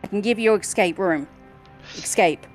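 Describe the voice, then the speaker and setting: A woman voicing a panicky male spacer who pleads with a friend in a high, strained voice. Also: normal speed, faint music behind, lightly acted. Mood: pleading.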